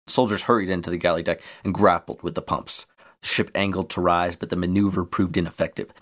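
A man reading an adventure story aloud in steady scripted narration. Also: deep voice, a little fast.

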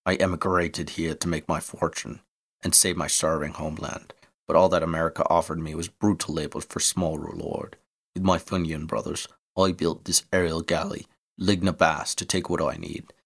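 A man doing a rough Irish-accented pirate boss, low and boastful. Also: flat delivery, moderate pace.

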